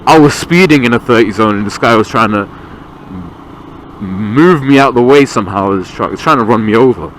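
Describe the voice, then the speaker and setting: A man's voice: medium pitch, animated, fairly quick, rough recording. A young man, a learner driver ranting and swearing in exasperation while he drives. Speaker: learner driver filming himself. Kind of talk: ranting in-car commentary. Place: inside a car on a busy road. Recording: car interior with loud road and traffic noise.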